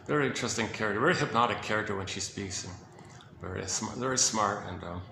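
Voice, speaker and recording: A man casually talking through quotes, meandering and correcting himself as he goes, with soft chuckles. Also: on the low side, quick pace, gravelly. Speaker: host presenting quotes. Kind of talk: casual rambling talk. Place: indoor room. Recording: echoey room with background noise.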